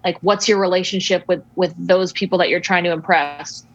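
Measured woman expert on a lo-fi call. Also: on the low side, fairly even intonation, a little hiss or hum. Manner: measured, thoughtful, slow explaining. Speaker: guest expert on youth sports and parenting. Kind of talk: interview answers.

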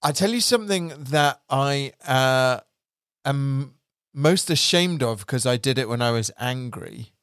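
A young man with a British accent hosts a podcast and tells stories about himself in a chatty, self-deprecating way. His voice sits at a middle pitch, and the recording is dry and close. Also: animated, unhurried, a bit bright, clean tone, no room sound. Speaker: podcast host. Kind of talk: casual chat.

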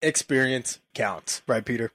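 A man's voice: mid-range voice, unhurried, a bit bright, no echo, clean studio sound. A man co-hosting a podcast, joking in a playful, wry way. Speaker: podcast co-host. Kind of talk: casual banter.

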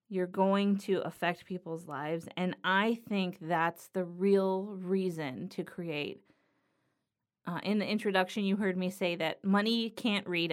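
A woman hosting a podcast, talking earnestly and reflectively in a solo monologue about writing from the heart. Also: fairly low pitch. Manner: earnest, reflective, slow and thoughtful. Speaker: podcast host.

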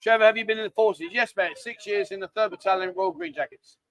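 A fast-talking, high-voiced man hosts a live stream in London English. Middle-aged, he keeps up a chatty, jokey, rambling casual conversation.

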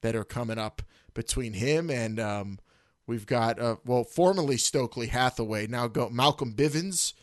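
A man hosting a casual wrestling podcast, animated and jokey, swearing freely and jumping up in pitch when excited. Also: moderate pace, no echo, studio quality. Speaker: podcast host.

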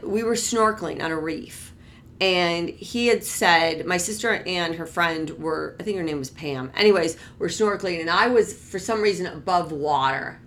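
Woman with a low, gravelly voice; rambling personal storyteller with restarts and indignant asides. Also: a bit bright. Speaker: storyteller recounting her childhood.

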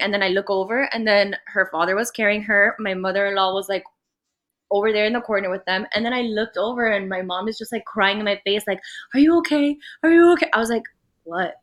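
A young woman, a podcast guest, telling a personal story in casual chat, blunt and animated, full of "like" and acted-out quotes. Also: medium pitch, a little fast. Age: young adult. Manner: blunt, animated storytelling, fillers of 'like', acts out quoted voices.

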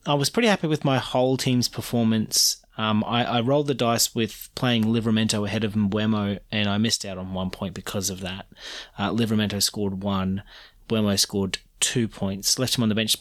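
A man's voice: on the low side, steady tone, normal speed, dry recording. A man co-hosting a casual sports podcast, thinking aloud and rambling with many ums. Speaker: podcast co-host.

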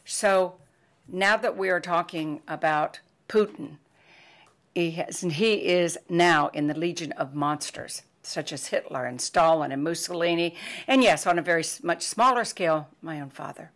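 An older American woman hosting a podcast, speaking in an emotional, pleading monologue that swings from loud emphasis to hushed near-whispers. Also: fairly low pitch, normal speed. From United States. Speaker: podcast host.

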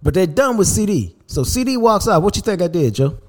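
A man hosting a sports podcast, telling stories in an animated, slangy, casual way. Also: high voice, fairly quick.

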